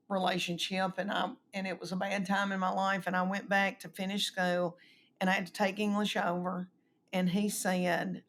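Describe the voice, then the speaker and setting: A middle-aged woman, telling animated stories and acting out quoted voices in a casual chat. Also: medium pitch, a little hiss or hum. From East Tennessee, US. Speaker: comedian guest.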